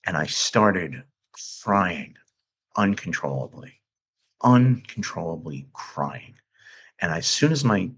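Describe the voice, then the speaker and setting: A man with a low, husky voice tells a personal story in a halting, earnest way. He often restarts his sentences while he looks for the right words. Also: fairly bright tone. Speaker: guest recounting an encounter. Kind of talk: casual storytelling.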